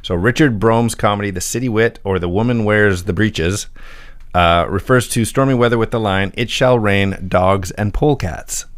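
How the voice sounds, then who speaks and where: A man with a low voice co-hosts a casual podcast. He works through his notes in an easy, chatty way and laughs often. The sound is dry and close to the mic. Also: moderate pace, dry recording. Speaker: podcast co-host.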